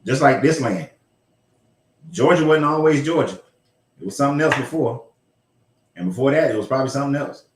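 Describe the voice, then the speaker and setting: A man's voice: medium pitch, expressive, fast, echoey room. A man hosting a casual livestream chat, blunt and rambling, with profanity and laughs. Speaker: host.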